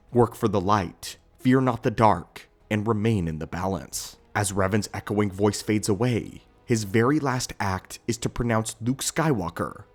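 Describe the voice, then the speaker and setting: A man narrating a scripted story in a steady, measured storytelling delivery as the channel's host. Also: on the low side.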